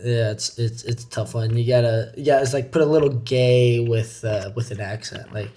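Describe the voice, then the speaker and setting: A man's voice: mid-range voice, steady tone, moderate pace, warm tone. A man co-hosting a podcast, telling rambling, profane, joking stories in casual chat. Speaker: podcast co-host.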